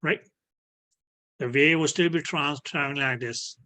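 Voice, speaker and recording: A man teaching an online physics class, slowly and patiently, filling his speech with "okay" and making small grammar slips. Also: on the high side, bright, forceful tone. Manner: repeats "okay" as filler, non-native grammar slips. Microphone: video call.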